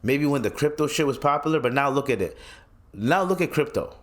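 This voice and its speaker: A man's voice: a little high, animated, brisk. Profane man ranting on his podcast. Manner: profane, swearing freely; loose and rambling, with many restarts. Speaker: podcast host. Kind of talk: solo podcast rant.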